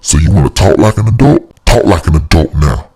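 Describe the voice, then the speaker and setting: A man voicing a tough older sister who calmly threatens and dares someone to fight. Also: slightly rough. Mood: menacing. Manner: low, slow, threatening.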